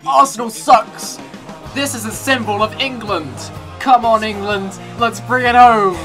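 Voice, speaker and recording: A man's voice: high voice, fairly even intonation, measured pace, fairly bright tone, soft background music. A man voicing an arrogant young rival and company boss in a parody fan dub of a cartoon, given to shocked outbursts. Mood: taunting.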